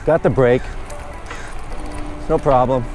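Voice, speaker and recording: A man's voice: medium pitch, steady tone, slow, darkish tone, soft background music. A man chatting casually and rambling good-humoredly while riding his bike outdoors. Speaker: vlogger. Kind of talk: casual narration while cycling.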